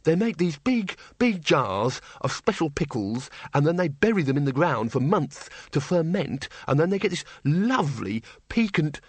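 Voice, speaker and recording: A man's voice: on the high side, sing-song, normal speed, hardly any pauses, husky, no echo, pitched above the performer's own voice. A man doing a dotty, cheerful wizard bursar. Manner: happy, rambling.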